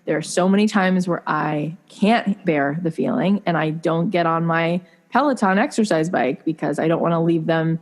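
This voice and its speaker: A woman in her thirties, appearing as a podcast guest, tells candid personal stories in an earnest, confiding way, peppered with many likes and restarts. Her voice is low, her pace moderate, with few pauses.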